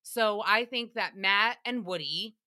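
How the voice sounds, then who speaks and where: A young adult woman hosting a casual recap podcast, talking in an animated, playful way and slipping into silly voices. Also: mid-range voice, a little slow. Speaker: podcast host.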